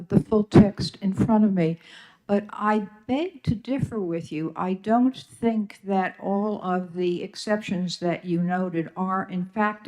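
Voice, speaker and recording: An older witness speaks before a legislative committee in a slow, deliberate way. The pitch sits mid-range and the delivery is measured, with frequent ums and careful restarts. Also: a little mellow. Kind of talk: formal testimony.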